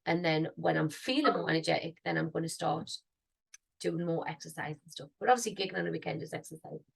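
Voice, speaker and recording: A woman's voice: deep voice, fast talker, creaky, breathy edge, low-quality recording. A woman, rambling and thinking aloud in a casual vlog. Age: 30s. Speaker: singer vlogging.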